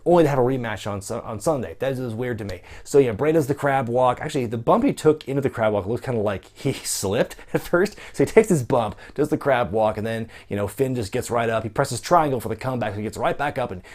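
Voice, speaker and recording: Fast-talking man reviewing wrestling. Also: mid-range voice, lively intonation, a little mellow. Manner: rapid, chatty, full of fillers and asides. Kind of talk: casual solo review monologue.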